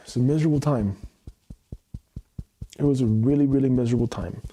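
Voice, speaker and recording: A man's voice: mid-range voice, fairly quick, warm tone. A young man venting angrily on a livestream, swearing heavily and repeating himself. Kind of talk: emotional livestream monologue. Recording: noisy stream audio.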